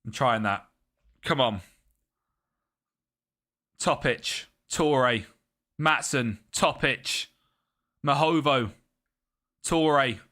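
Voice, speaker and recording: A man streaming a football management game, commentating live and chatting with his viewers. He gets excitable and yells at the match. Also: mid-range voice, drawn-out words, pauses often.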